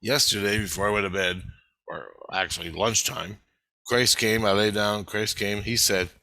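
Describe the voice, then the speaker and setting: Excitable, profane man with a bright voice. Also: lowish voice, moderate pace, no room sound. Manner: laughs often while talking. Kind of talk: rambling monologue to camera.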